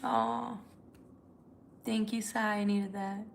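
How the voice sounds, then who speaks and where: A woman's voice: mid-range voice, steady tone, moderate pace. A tired woman who reads tarot, chatting candidly and emotionally with viewers on a livestream, swearing casually. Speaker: tarot reader.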